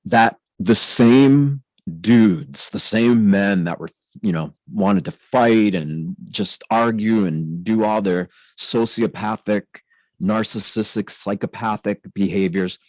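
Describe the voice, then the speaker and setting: Earnest low-voiced man, dry sound. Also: a little mellow, dry recording, rough recording. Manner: earnest, intense, speaks in spiritual terms. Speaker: spiritual channel host. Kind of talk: personal testimony monologue.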